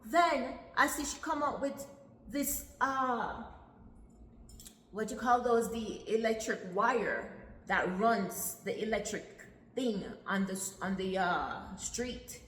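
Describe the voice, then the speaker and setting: A woman's voice: fairly high pitch, a bit bright. Woman telling her life story in an echoey room. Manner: earnest, repeats phrases, long pauses. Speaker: storyteller recounting her childhood. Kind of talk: personal storytelling vlog. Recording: echoey room with long reverb, faint background hiss.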